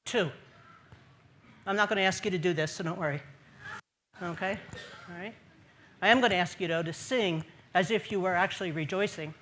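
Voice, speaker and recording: A woman's voice: fairly low pitch, normal speed, long pauses, fairly bright tone, slight background noise. A woman giving an earnest faith talk to a gathered audience in a large room, repeating key phrases and putting questions to her listeners. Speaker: speaker at a church gathering.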